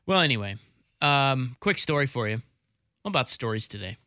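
A man's voice: medium pitch, animated, normal speed, sharp tone, dry recording, clean studio sound. A man co-hosting a casual sports chat, rambling through stories and laughing easily. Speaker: podcast co-host.

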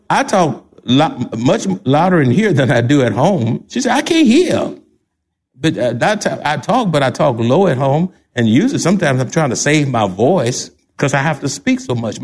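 A man's voice: on the high side, sing-song, moderate pace, hardly any pauses, a little mellow, slightly rough. An older man with a Texan accent, a pastor preaching a sermon emphatically and repeating key phrases.

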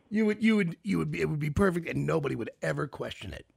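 A man's voice: a little high, lively intonation, fast talker, gravelly, husky, no room sound, studio quality. A man hosting a radio show, chatting eagerly with his guest. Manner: enthusiastic, heaps on praise. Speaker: radio host. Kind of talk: casual chat.

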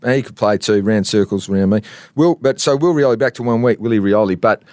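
A man's voice: fairly low pitch, fast talker, a little mellow, no echo, studio quality. A middle-aged Australian man co-hosting a sports podcast, talking in a jokey, teasing, rambling way in casual banter.

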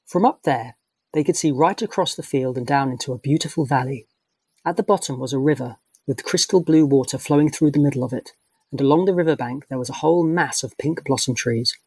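A man narrating a children's storybook in an even, descriptive way. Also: mid-range voice, brisk, breathy edge, dry recording. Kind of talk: storybook read-aloud.

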